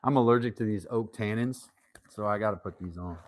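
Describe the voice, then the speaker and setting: A man's voice: fairly low pitch, brisk. A middle-aged man hosting a casual live stream from his workshop while tanning hide, joking around and playfully putting on an Irish accent. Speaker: leather-working livestream host. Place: home workshop, indoors.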